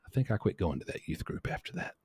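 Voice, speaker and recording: A man hosting a podcast, telling a story casually in a rambling, animated way and correcting himself as he goes. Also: fast, no echo, clean studio sound. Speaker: podcast host.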